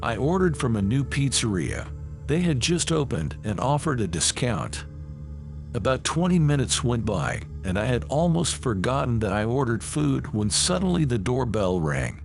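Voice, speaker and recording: A man reading a first-person horror story as scripted narration, with lively, dramatic delivery. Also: medium pitch, normal speed, creaky, music in the background.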